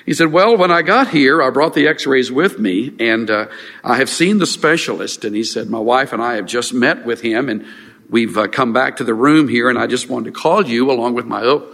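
An older man preaching a sermon as a pastor, earnest and halting, with frequent restarts and fillers. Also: mid-range voice, fairly bright tone. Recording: long reverb of a large hall.

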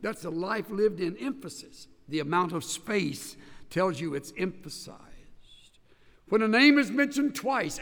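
Gravelly high-voiced man teaching the Bible. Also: measured pace, big-room sound. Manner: emphatic, animated, directs listeners step by step.

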